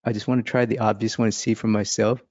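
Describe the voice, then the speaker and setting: A man's voice: on the low side, level tone, quick pace, a little mellow, no echo, lo-fi sound. A man teaching a casual drawing lesson. He talks and laughs as he thinks aloud while sketching. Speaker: art instructor.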